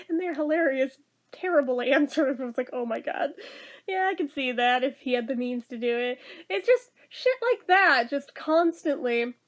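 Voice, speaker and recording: A woman's voice: sits high, animated, moderate pace. A woman giving a casual spoken review of a TV episode, chatty and full of laughs, with "like" in almost every sentence. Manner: chatty, laughs often, says "like" a lot.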